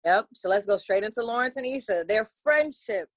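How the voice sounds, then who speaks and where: A young woman co-hosting a podcast in casual chat, animated and slangy, often acting out quotes. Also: medium pitch, brisk, dry recording, rough recording. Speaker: podcast co-host.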